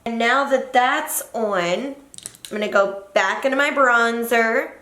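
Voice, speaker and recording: A woman's voice: fairly high pitch, unhurried, bright, forceful tone. A young woman talking through a makeup tutorial in a chatty, joking way, correcting her own slips as she goes. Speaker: beauty vlogger. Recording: roomy echo.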